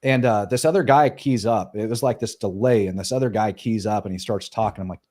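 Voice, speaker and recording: Man telling war stories, animated. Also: fairly low pitch, fast, hardly any pauses. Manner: animated, profane, acts out quoted voices. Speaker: podcast guest, former Green Beret. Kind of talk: casual storytelling.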